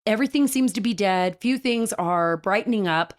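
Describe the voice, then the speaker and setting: Chatty, animated woman talk show host. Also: moderate pace. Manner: chatty, animated storyteller with big pitch swings. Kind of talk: casual radio talk show.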